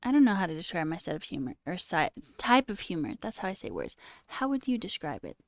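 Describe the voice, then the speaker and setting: Chatty and quick to laugh, a young woman runs a livestream full of loose conversation peppered with "okay" and "all right." She talks fast in a lowish, gravelly voice with wildly swooping pitch, and there's no echo.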